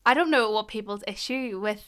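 A woman's voice: medium pitch, normal speed, fairly bright tone. A woman in her twenties with a Northern Irish Ballymena accent, co-hosting a casual podcast chat, chatty and jokey. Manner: chatty, laughs often, jokey. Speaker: podcast co-host.

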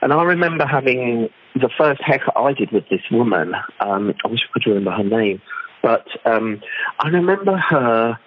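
Male host, casual and chatty, rough-edged voice, thin phone-line sound. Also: mid-range voice, normal speed. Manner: chatty, often asks "you know what I mean". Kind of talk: casual conversation. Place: London.

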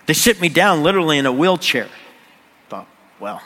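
A pastor telling a personal story in a sermon, sometimes dropping to a near-whisper at the emotional moments. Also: male voice, on the high side, a little fast, pushed and bright. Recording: long hall reverb.

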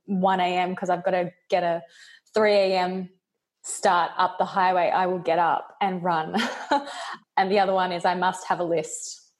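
A woman from Australia, an actor and acting coach, chatting as a podcast guest, cheerful and laughing easily. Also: lowish voice. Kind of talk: casual interview chat.

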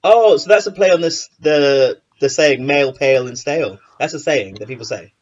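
Animated man in casual chat. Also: on the high side, moderate pace, highs cut off. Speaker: podcast co-host.

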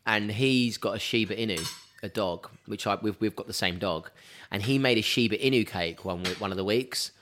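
A man chatting casually as a guest, telling stories in an animated way and laughing often. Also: lowish voice, normal speed, slight background noise. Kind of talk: casual chat.

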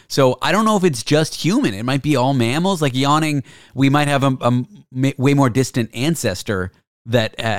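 A man's voice: mid-range voice, dry recording, studio quality. A man hosting a casual podcast chat, floating theories and jokes with some swearing. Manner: joking, curse-sprinkled, speculative. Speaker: podcast host.

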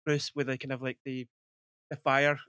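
A man's voice: medium pitch, level tone, moderate pace, sharp tone, clean tone, no echo, studio quality. A man in his forties hosting a podcast, chatting casually about films with lots of rambling filler words. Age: 40s. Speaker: podcast host. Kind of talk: casual film chat.

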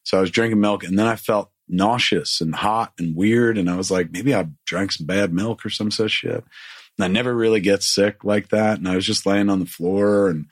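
A man's voice: on the low side, moderate pace, slightly rough, no echo, studio quality. A man casually telling a long story with lots of swearing, acting out what people said. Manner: profane, rambling, acts out quotes.

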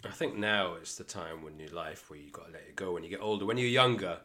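Deep-voiced laid-back man. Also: fast, few pauses, bright, forceful tone. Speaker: guest. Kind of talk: casual chat.

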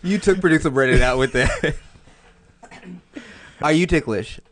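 A man's voice: a little high, measured pace. Playful male podcast host. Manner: playful, laughs often. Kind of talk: casual interview questions.

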